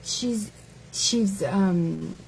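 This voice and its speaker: A woman hosting a casual reaction stream in a mellow, unhurried voice, full of sarcastic, taunting rhetorical questions. She draws her words out slowly, leaning on them for effect. A faint hum of noise sits under her voice. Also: medium pitch, gravelly, rough recording. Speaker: live-stream host.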